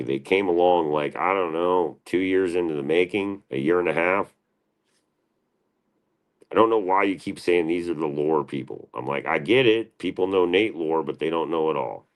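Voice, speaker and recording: A man hosting a livestream, answering his chat in a profane, combative and defensive rant. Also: sits low. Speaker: livestream host.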